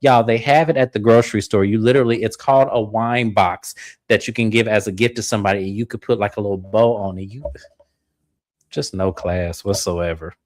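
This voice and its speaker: A man co-hosting a reality TV recap, telling the story in casual chat and jumping into high-pitched impressions of the cast. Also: steady tone, brisk, darkish tone, no room sound.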